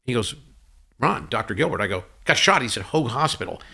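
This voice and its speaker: A man telling a personal story as a podcast guest, animated and acting out each line of dialogue. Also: mid-range voice, brisk, vocal fry, slightly rough. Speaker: podcast guest, company CEO. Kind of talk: conversational storytelling interview.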